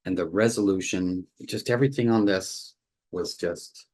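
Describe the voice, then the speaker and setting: A man's voice: deep voice, moderate pace, a little mellow. A man casually showing off his home photo prints, rambling and restarting his sentences, plainly impressed. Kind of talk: casual home video walkthrough.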